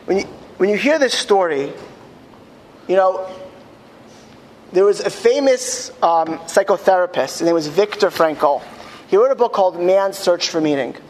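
A man telling a story to an audience with halting restarts, his voice rising to high cries in quoted lines. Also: lively intonation, slight background noise. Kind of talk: impassioned storytelling talk. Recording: long hall reverb, faint ambience.

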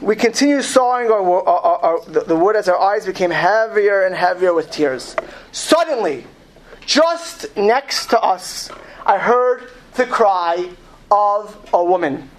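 Man reading a story slowly aloud. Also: high-pitched, lively intonation, a little hiss or hum. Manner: reads slowly and with emphasis, with frequent restarts. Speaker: speaker reading a story to an audience. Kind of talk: lecture with read-aloud story.

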